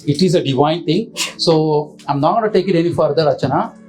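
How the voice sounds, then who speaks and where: A man's voice: fairly high pitch, fairly quick, darkish tone, rough recording. A middle-aged man speaking as father of the bride at an engagement party, rambling and joking with the guests. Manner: rambling, joking, self-correcting, with asides to the audience. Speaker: father of the bride giving a speech. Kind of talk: informal speech at an engagement party.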